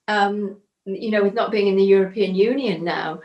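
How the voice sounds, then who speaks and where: A woman's voice: medium pitch, normal speed, echoey room, lo-fi sound. An older woman with an English accent, chatting genteelly as co-host. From England. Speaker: co-host, host's mother.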